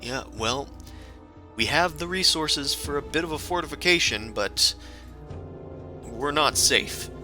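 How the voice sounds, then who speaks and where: A man's voice: fairly high pitch, lively intonation, unhurried, pauses often, bright, forceful tone, soft background music, pitched above the performer's own voice, heavily acted. A man voicing a harried male caravan leader who makes excuses, hesitant and apologetic. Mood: defensive.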